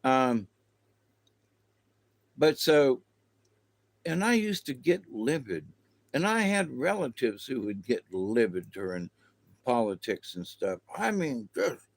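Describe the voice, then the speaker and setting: A man's voice: medium pitch, sing-song, slow, long pauses, no room sound. A man hosting a casual spiritual livestream, rambling and chatting to viewers, often laughing. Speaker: livestream host.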